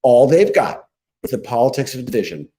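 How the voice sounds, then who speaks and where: A man's voice: mid-range voice, big pitch swings, a little fast, warm tone, a little hiss or hum, low-quality recording. Combative man giving political commentary. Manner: emphatic, combative, punchy rhetoric.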